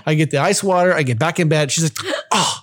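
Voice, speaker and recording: A man co-hosting a casual chat with his partner, teasing her and acting out her requests in a lively way. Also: fairly high pitch, fast. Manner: teasing, animated storyteller who acts out his partner's requests. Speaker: podcast co-host.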